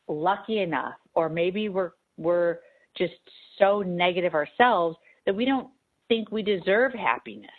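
A woman host and spiritual advisor giving an emphatic, repetitive radio talk monologue. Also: mid-range voice. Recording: tinny phone-like sound.

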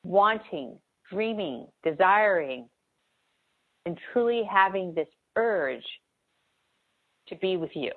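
A woman's voice: lowish voice, animated, slow pace, pauses often. A woman giving an earnest, emphatic motivational talk on manifesting, repeating key phrases for emphasis. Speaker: spiritual coach. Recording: tinny phone-like sound.

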